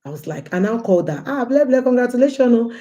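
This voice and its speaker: A woman's voice: a little high, expressive, fast, mellow. A woman from Nigeria hosting a casual livestream, chatty and storytelling, often calling her viewers "guys" and repeating phrases. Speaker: livestream host.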